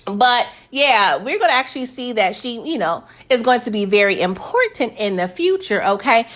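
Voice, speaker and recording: A woman's voice: a little high, very animated, moderate pace, a bit bright. A woman casually recapping a TV episode in a chatty, slangy way, often tacking on "okay?" and laughing between points. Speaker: TV recap host.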